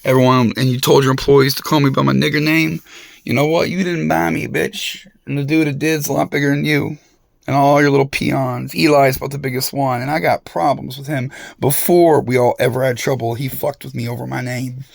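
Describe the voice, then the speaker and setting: Man with a gravelly voice, rambling and confrontational, swearing a lot, dry recording. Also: mid-range voice, steady tone, brisk, no echo. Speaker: vlogger. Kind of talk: rambling monologue rant.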